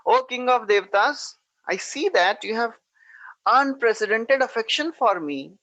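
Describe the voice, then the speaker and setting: A man's voice: high voice, normal speed, voice pushed up, low-quality recording. A man voicing a divine young cowherd god who mockingly praises a humbled king, in a sarcastic tone. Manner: sarcastic, mock-flattering.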